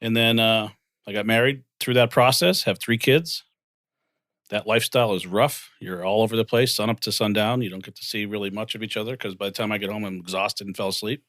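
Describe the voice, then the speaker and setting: A man's voice: lowish voice, brisk, dry recording, studio quality. A man in his forties telling his career story in a casual interview, acting out the voices of the people in it. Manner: animated, acts out dialogue in quotes. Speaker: guest, financial firm co-founder.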